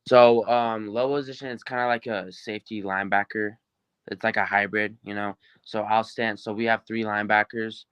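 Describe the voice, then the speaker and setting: A teenage football recruit from New Mexico, answering interview questions in an upbeat, rambling way with many fillers. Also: male voice, on the low side, little pitch movement, normal speed, a bit bright, clean tone, no echo, muffled recording. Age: teens.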